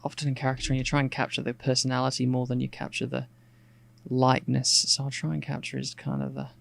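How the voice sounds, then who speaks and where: A man from Australia with a gravelly, low-creaking voice, talking through a drawing as he works. His delivery stays flat and even, loose and rambling, and his accent is Australian with a bit of picked-up English polish. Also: quick pace. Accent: Australian, with some English RP picked up. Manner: relaxed and rambling, thinking aloud with many fillers. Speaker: artist streaming a sketch. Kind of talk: casual narration while drawing.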